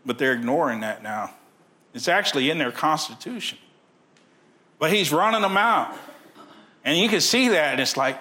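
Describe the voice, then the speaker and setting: A man preaching a sermon, conversational and direct, sometimes dropping his voice very low. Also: sing-song, normal speed, pushed and bright. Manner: conversational preaching, drops to near-whisper at times. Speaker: pastor.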